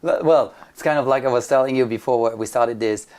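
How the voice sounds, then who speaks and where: A French-accented interviewer, speaking English as a second language, at a mid pitch. The questions come out hesitantly, full of restarts and fillers, broken by small giggles. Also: fairly quick, darkish tone. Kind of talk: casual interview chat.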